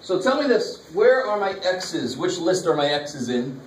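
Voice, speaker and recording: A man's voice: sits high, sing-song, unhurried. A man teaching a college math lecture, casually walking students through calculator steps with slangy asides. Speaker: math instructor. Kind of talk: classroom lecture. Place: college classroom. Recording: echoey classroom, mic far off, faint noise.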